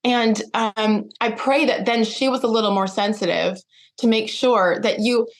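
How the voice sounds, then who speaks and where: A middle-aged woman speaking as a podcast guest, telling a personal story with lively, acted-out dialogue. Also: fairly high pitch, measured pace. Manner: animated, acts out quoted dialogue.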